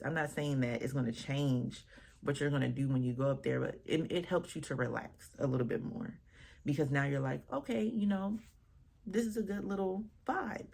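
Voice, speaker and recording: A woman with a low, husky voice and a gravelly edge tells a casual storytime vlog about officiating a wedding. She is animated and expressive, acting out what people said to her.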